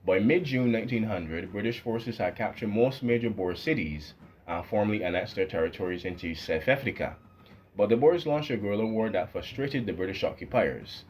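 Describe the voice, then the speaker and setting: A man's voice: lowish voice, brisk, a little mellow, a little hiss or hum. A man hosting a history channel, narrating casually and drifting into rambling asides full of fillers.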